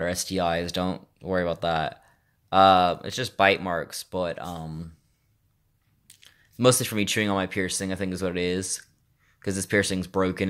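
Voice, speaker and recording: A man talking slowly and pausing to think in a casual, unscripted vlog, recorded on a phone in his bedroom with a sore mouth. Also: low voice, a bit bright. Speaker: vlogger.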